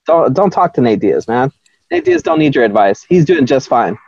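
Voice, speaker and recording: A man's voice: mid-range voice, big pitch swings, normal speed, a little mellow, dry recording. Ranting man on a dull lo-fi line. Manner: mocking, ranting. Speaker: podcast co-host. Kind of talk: casual rant. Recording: dull, dry lo-fi sound.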